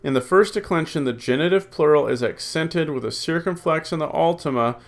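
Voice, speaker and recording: Man, Greek teacher, recorded lecture, gravelly voice with some fry, slow drilled word forms, frequent fillers. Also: on the high side. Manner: drills word forms slowly, then reads rules out; thinks aloud with many ums and uhs.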